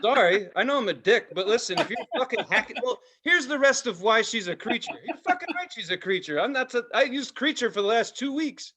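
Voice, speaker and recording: A man co-hosting a podcast in casual chat, telling profane, animated stories and mimicking voices. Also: extremely high pitch, brisk, few pauses, noisy background. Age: adult with a child. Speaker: podcast co-host.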